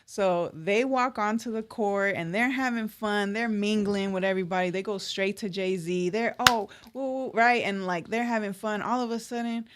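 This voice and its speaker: An animated young woman from Los Angeles, telling a story in a casual interview. She acts out what people said and laughs often, in a voice of middle pitch. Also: moderate pace, few pauses, heavy background noise. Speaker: guest artist.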